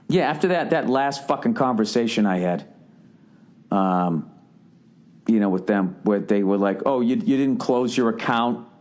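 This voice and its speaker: A man's voice: medium pitch, darkish tone. A middle-aged man hosting a podcast, talking casually in a profane, worked-up rant. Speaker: podcast host. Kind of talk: casual monologue.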